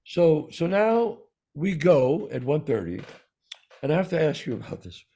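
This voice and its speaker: A man's voice: on the high side, very animated, measured pace, mellow, breathy edge. A man co-hosting a podcast, telling a story in casual chat and repeating words for emphasis. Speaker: podcast co-host.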